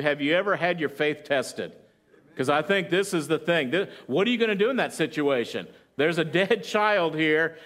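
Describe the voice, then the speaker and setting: A man with a somewhat high voice preaches to his congregation. He tells a long story aloud and quotes the people in it, with fillers and restarts along the way. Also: a bit bright. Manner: retells a story with quoted lines, halting fillers. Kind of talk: sermon storytelling.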